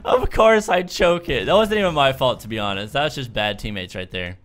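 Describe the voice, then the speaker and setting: A young man giving excitable live commentary over his shooter gameplay, yelping and groaning at every setback. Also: mid-range voice, a little fast. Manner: excitable, yelps and laughs when things go wrong. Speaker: gaming YouTuber. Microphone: desk microphone at a gaming setup.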